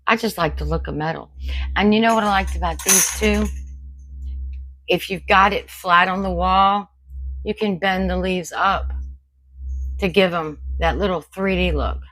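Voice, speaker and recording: Woman, home decor vlogger, chatty and folksy, slightly low voice, recorded at home. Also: fairly even intonation, measured pace, pauses often, a bit bright, poor audio. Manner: chatty, folksy, talks to viewers as y'all. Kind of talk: casual unboxing chat.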